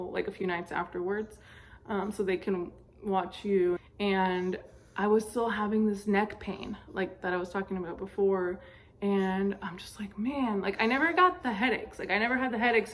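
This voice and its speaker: Chatty young woman telling a story. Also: mid-range voice. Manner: chatty, many fillers, laughs while telling. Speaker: vlogger. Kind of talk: casual storytime.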